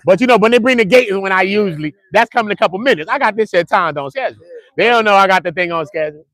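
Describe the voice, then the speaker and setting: Guy hosting a live stream, loud slangy storyteller, slightly raised pitch, dry close sound. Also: rapid-fire, dry recording. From Brooklyn, New York. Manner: boisterous, slangy storytelling with frequent laughs. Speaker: livestream host. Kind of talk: casual live-stream chat. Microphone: clip-on mic.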